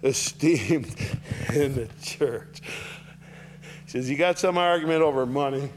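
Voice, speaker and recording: Animated man teaching through Bible verses. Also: unhurried, slight background noise. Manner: animated, rising sharply to voice Paul's rebukes, dropping low for asides.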